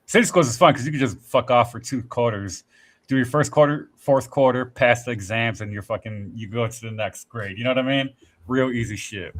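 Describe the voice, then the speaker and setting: A man's voice: mid-range voice, a little fast. A man in casual podcast chat, telling rambling, profanity-laced stories with acted-out quotes. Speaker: podcast host.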